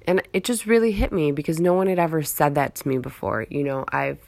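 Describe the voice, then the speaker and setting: A woman's voice: low voice, fairly quick, gravelly, darkish tone, dry recording. A woman giving a casual motivational talk, earnest and rambling, repeating phrases for emphasis. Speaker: motivational speaker.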